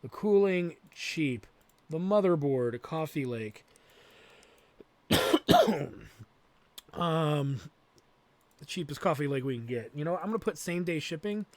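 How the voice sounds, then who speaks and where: A man's voice: on the high side, lively intonation, unhurried, pauses often, a little mellow. A man hosting a let's play, thinking aloud as he plays and swearing freely. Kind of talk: gameplay commentary.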